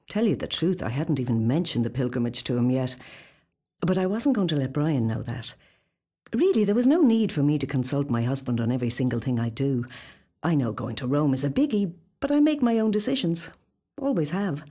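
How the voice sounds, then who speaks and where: A woman reading a short story in a wry, confiding, expressive first-person narration, recorded in a studio. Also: sits low.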